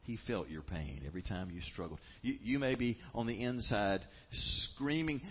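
A man preaching a sermon as a pastor, earnest and emphatic, with dramatic pauses. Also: fairly low pitch, animated, breathy edge, lo-fi sound.

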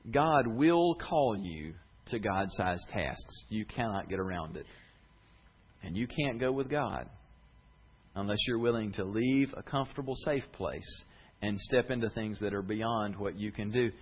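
A man's voice: lowish voice, animated, unhurried, breathy edge, highs cut off. A man preaching a sermon to his congregation, earnest and conversational. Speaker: pastor. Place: church sanctuary with congregation.

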